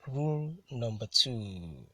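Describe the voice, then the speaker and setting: A man teaching English word stress, saying each word slowly and repeating it for the learner to copy. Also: medium pitch, sing-song, pushed and bright, dry recording. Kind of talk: slow drilled pronunciation lesson.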